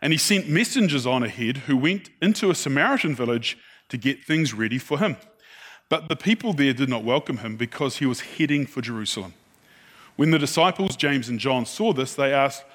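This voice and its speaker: A man's voice: mid-range voice, lively intonation, fairly quick, fairly bright tone. A man preaching a sermon in a casual, conversational way, reading scripture and often checking in with his listeners. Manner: acts out the people he describes.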